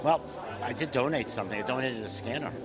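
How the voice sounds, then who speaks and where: A man with a mid-range voice explains his photography work at an exhibition opening. He talks in a relaxed way and stops often for "uh" fillers. Loud crowd chatter fills the background. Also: mid-range voice, fast. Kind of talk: interview answers.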